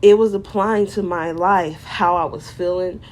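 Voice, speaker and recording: A woman's voice: fairly low pitch, steady tone, a little slow, darkish tone. A woman vlogger giving an emotional personal testimony in candid, casual slang.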